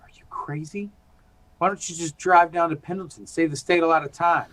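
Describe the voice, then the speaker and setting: An actor in a stage reading playing a ruthless ex-convict burglar with a sneering, tough manner. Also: male voice, on the high side, fairly even intonation, brisk, a bit bright, lightly acted. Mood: menacing. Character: menacing ruthless male ex-con burglar.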